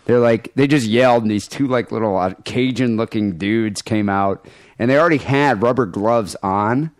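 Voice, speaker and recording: A man co-hosting a podcast, telling crude stories in casual, animated chat. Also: lowish voice, normal speed, dry recording. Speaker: podcast co-host.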